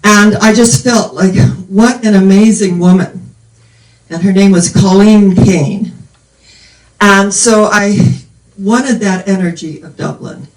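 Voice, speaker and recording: A woman minister in her 70s delivers a sermon, her mid-range voice slow and somewhat dark. She tells meandering, rambling stories and sounds far away in an echoey room.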